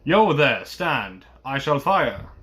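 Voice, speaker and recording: A man voicing a wary, armed coach guard who roars warnings in a gruff voice. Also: medium pitch, moderate pace, close to an everyday voice. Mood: gruff threats. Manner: loud, gruff, threatening.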